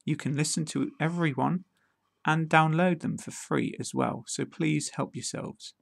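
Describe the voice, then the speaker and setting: A man with a British accent teaching pronunciation, saying each word slowly and deliberately and repeating it twice. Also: fairly high pitch, fairly even intonation, creaky, dry recording. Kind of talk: slow pronunciation drill.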